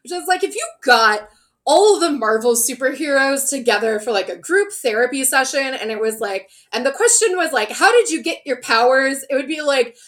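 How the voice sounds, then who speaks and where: A woman chatting casually with friends, animated and profane, full of fillers and restarts. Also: high-pitched, normal speed. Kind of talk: casual podcast chat.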